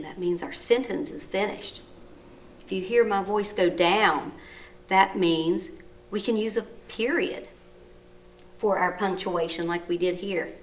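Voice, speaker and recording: A woman teaching a recorded lesson to young children, gently coaxing and asking them questions, reading sentences aloud with exaggerated rises and falls of her voice. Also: mid-range voice, distant mic, a little hiss or hum. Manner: slow, exaggerated read-aloud with rising and falling voice.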